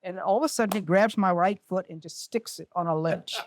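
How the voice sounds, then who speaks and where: A woman's voice: on the low side, brisk, heavy background noise. An older woman telling an emotional personal story on stage, candid and self-mocking. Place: community center event.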